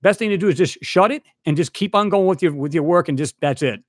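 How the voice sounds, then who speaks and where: A man's voice: high-pitched, fast talker, dry recording, studio quality. A man hosting his own channel, ranting heatedly and repetitively at a rival he addresses directly. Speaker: channel host. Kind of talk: angry ranting vlog.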